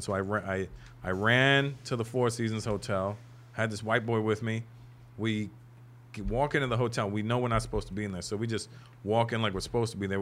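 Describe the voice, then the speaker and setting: Bright-voiced man telling a lively story. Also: lowish voice, slight background noise. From Canada. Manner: acts out voices, laughing through the telling. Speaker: guest comedian. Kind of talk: animated storytelling.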